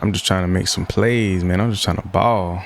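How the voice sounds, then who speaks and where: Speaking at a normal speed with a steady tone and vocal fry, this low-pitched young man narrates his gameplay in a slangy, casual way. He's a gaming YouTuber who frequently gets frustrated and mutters to himself as he plays.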